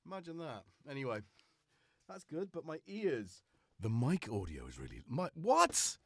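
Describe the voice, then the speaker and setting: A man's voice: a little high, huge pitch swings, moderate pace, vocal fry, no echo. A man with a Liverpool-tinged British accent, full of cold, chatting and rambling on a casual live stream from his home studio. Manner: chatty, rambling, self-mocking. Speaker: livestream host.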